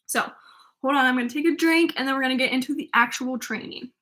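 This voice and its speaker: A woman's voice: high-pitched, quick pace, sharp tone. A woman in her twenties, a life coach and podcast host, talking through a rambling, filler-heavy solo monologue full of restarts. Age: 20s.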